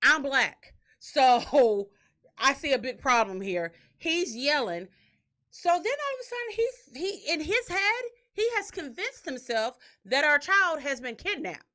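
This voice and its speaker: A woman hosting a podcast, telling stories in a casual, profane way and acting out what others said. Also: unhurried. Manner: animated, profane, acts out quotes in a shrill crying voice. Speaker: podcast host. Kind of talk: casual storytelling chat.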